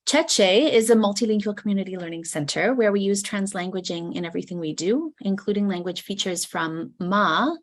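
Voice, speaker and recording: A woman's voice: mid-range voice, brisk, hardly any pauses. Woman giving a formal, prepared academic talk. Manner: formal and articulate, reads from prepared text. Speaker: academic researcher and presenter. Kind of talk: prepared academic presentation on a video call. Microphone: video call microphone.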